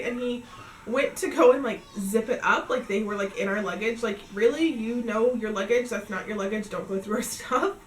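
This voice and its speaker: Recorded from afar in a roomy space with slight background noise and poor audio, a medium-pitched woman tells the story of a long trip. She's a family vlogger in her thirties from New England, retelling it casually with heavy fillers like "like" and quoted dialogue she acts out.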